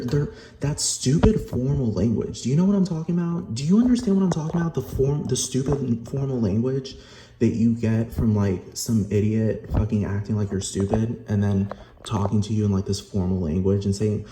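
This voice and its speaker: A man's voice: fairly low pitch, moderate pace. A man ranting angrily in a vlog, swearing and repeating himself, again and again asking whether the listener understands. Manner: heated, repetitive, profane, keeps asking "do you understand?". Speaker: vlogger. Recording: echoey room with noise behind.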